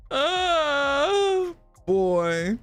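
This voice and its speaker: A young woman streaming a game, chatting casually in a blunt, profane way and laughing often. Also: high voice.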